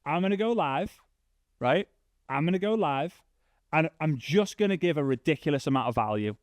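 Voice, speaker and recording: A young man giving a workshop talk to a live audience, telling a story with lively, acted-out dialogue. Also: normal speed, no room sound. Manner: animated, acts out dialogue with big pitch jumps. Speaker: workshop speaker.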